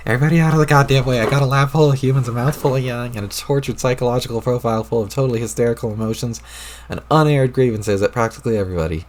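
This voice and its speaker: A man voicing a loud, short-tempered young male troll who rants crudely, read aloud from a webcomic on stream. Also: medium pitch, fast talker, a little hiss or hum, close to an everyday voice. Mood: ranting. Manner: shouty, indignant, crude rants.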